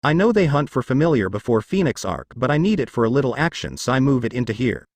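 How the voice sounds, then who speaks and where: This is a firm young demon noblewoman giving orders in a storybook reading. A man reads her part in his own voice. The delivery is lively in pitch, with a dry, close recording. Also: fast talker, dry recording.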